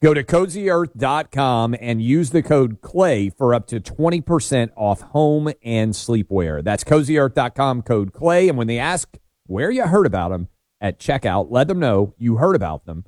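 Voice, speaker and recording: A man's voice: medium pitch, animated, moderate pace, darkish tone, dry recording, studio quality. A man from the United States co-hosting a talk radio show, giving blunt opinions in casual banter. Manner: opinionated, confessional.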